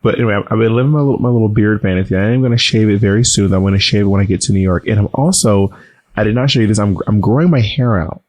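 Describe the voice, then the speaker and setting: A man co-hosting a podcast in a campy, playful chat, his voice quieter and subdued while it recovers after surgery. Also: lowish voice, racing. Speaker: podcast co-host. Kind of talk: casual chat.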